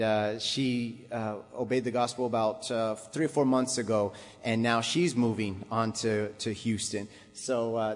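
A man preaching a sermon to a congregation, building up to emphatic, repeated exhortations. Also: medium pitch. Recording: long hall reverb.

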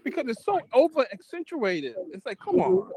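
A man's voice: very high voice, wildly swooping pitch, moderate pace, warm tone, slightly rough, no echo. A man co-hosting a casual panel chat, blunt and opinionated, speaking with animation. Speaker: podcast co-host.

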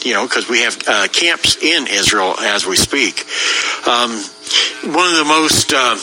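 A man co-hosting a talk show, explaining news reports in a measured way with some halting restarts. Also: medium pitch, lively intonation, bright, forceful tone, soft background music, poor audio. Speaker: co-host. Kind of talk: conversational news commentary.

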